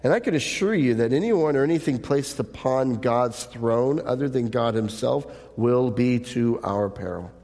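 A pastor giving a sermon, reading scripture aloud and asking the congregation rhetorical questions in an earnest way. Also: male voice, mid-range voice, expressive, normal speed, few pauses, a little mellow, big-room sound. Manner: earnest preaching with rhetorical questions, occasional light laughs.

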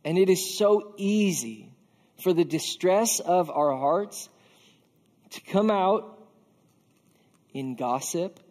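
A man with a notably high voice gives a casual, earnest sermon, talking to the congregation as if chatting and leaning on the word "like". His voice rings with the long reverb of a large church hall. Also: lively intonation, takes it slowly, pauses often, darkish tone. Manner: casual and earnest, with frequent filler "like". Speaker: pastor. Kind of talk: conversational sermon.

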